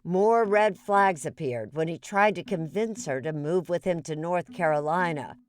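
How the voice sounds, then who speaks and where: A woman correspondent narrating a true-crime report and asking interview questions in a measured, deliberate way. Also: fairly low pitch.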